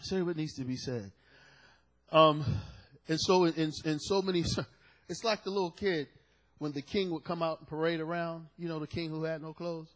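A man preaching a sermon, moving between quiet, low asides and loud, shouted peaks. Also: steady tone, moderate pace, poor audio.

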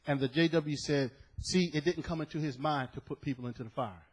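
A man preaching a sermon as pastor, passionate and dramatic, dropping low and then rising to shouts before his congregation. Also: fairly quick, husky. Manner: impassioned preaching, swinging from hushed to shouting. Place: church.

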